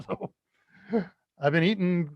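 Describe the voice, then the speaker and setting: A man from the United States runs a casual live Q&A, reading viewer comments and chuckling at his own quips. His voice sits a little high. The audio is dull and lo-fi, close and dry. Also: takes it slowly, dry recording. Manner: chatty, self-deprecating, laughs at own jokes. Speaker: livestream Q&A host.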